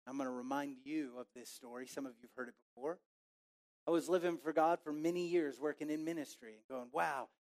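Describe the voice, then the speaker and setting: A man in his forties from Texas, preaching a sermon through a lively personal story and acting out his own inner voice. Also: fairly high pitch, fairly quick. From Texas, USA. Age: 40s.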